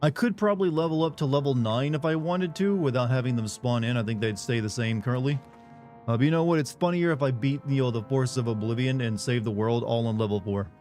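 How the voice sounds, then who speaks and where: Male streamer, mid-pitched, casual rambling chat with viewers, curses freely, faint game music under him. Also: a little mellow. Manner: rambling, rapid filler-heavy chatter with swearing.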